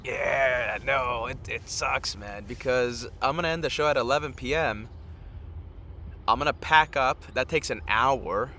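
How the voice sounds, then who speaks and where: A man's voice: medium pitch, measured pace, bright, forceful tone, a little hiss or hum. A tired man hosting a live stream outdoors, rambling casually and chatting straight to his viewers. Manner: rambling, chats directly with viewers. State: tired from little sleep.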